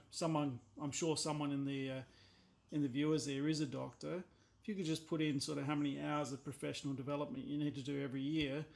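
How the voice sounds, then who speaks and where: A blunt Australian man talks through a watch repair at his bench in a casual, exasperated way. His voice sits a little high for a man and has a gravelly, creaky edge. He doesn't hold back from swearing when something annoys him. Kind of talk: casual workbench commentary.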